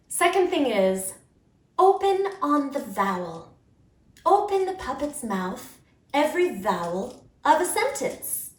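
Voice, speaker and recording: A woman's voice: mid-range voice, fairly bright tone, reverberant. A woman teaching puppet making and puppet voices, talking in an upbeat, encouraging way for children and parents. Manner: upbeat and encouraging, demonstrating as she explains. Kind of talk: friendly instructional talk for kids and parents.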